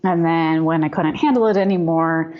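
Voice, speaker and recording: A woman's voice: low-pitched, moderate pace, muffled recording. A woman guest on a podcast, speaking casually, a little out of breath and laughing often. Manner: laughs often while talking. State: slightly out of breath. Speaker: guest, health and lifestyle coach.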